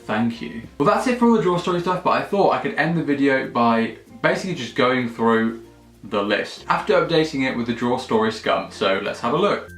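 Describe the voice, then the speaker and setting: Jokey young vlogger, mid-range voice, casual swearing, echoey room with soft music underneath. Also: male voice, mid-range voice, brisk. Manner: jokey, excitable, swears freely. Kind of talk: casual direct-to-camera chat.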